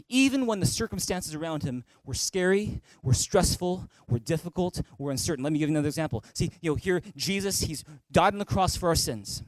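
A male pastor delivers a sermon from a church stage in a fairly high voice. His sound is dry and close, with little room around it. He builds to emphatic peaks and keeps putting questions straight to the listeners. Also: a little mellow, no room sound. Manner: direct, asks the listeners questions.

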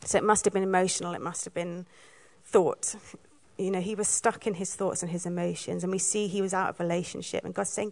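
A woman from Wales giving a sermon, telling the story in a lively way and acting out the lines she quotes. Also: fairly low pitch, brisk, creaky. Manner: lively storytelling, acts out quoted lines, laughs now and then. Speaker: preacher.

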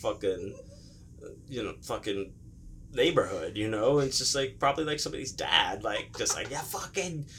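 Brief: young man, bright tone, lowish pitch, rambling profane storyteller who mimics the voices in his story. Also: normal speed, slight background noise. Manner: loose, profane, acts out voices while telling. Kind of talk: casual storytelling chat.

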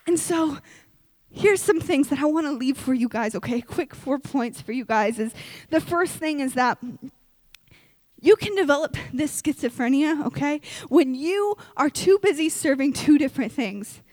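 Bubbly high-voiced woman preaching to youth. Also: moderate pace, dry recording. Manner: animated storytelling, peppered with "okay?". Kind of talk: energetic sermon to a youth group. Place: gym.

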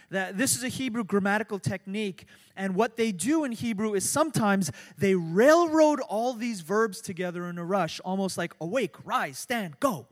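A middle-aged man preaching a sermon as pastor, swinging from soft, low asides to loud, urgent emphasis. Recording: long hall reverb.

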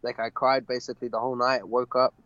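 Young man telling a story, halting. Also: medium pitch, level tone, bright, forceful tone, no room sound, dull audio. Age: young adult. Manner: halting, many fillers and restarts. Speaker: MMA fighter guest. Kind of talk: casual interview storytelling.

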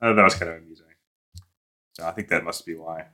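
A man's voice: deep voice, steady tone, quick pace, pushed and bright. A man co-hosting a podcast, chatting casually about a book, laughing easily and reluctant to read aloud. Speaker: podcast co-host. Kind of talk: casual book-club chat.

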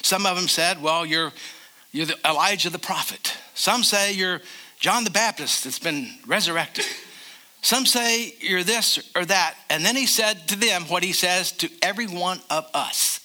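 An older man preaching a sermon as a pastor, emphatic, and slowing down to stress key phrases. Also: high voice, pushed and bright.

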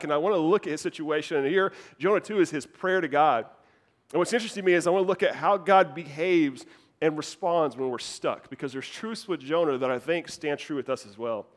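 A man in his thirties, a youth pastor, preaching a sermon and telling a lively story about himself, laughing at his own mishaps. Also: a little high.

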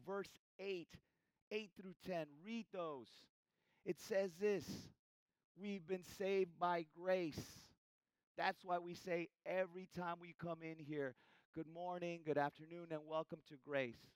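A male pastor delivers a sermon, his voice pitched a bit higher than most men's. He presses hard on key lines and then drops to a near hush. The sound is dry and close, with no room echo. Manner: emphatic preaching, shifts between loud and hushed; addresses listeners as church.

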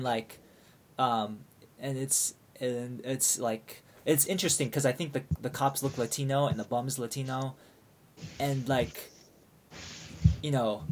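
A young man casually telling a long story to friends, rambling and swearing, with lots of fillers and restarts. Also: medium pitch.

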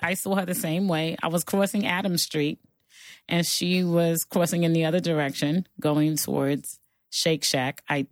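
A woman with a low voice co-hosts a casual podcast from a small studio. She jokes and laughs easily. The sound is close and dry, with no room around it. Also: fairly even intonation, moderate pace, no echo. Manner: playful, laughs often. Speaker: co-host. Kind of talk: casual chat.

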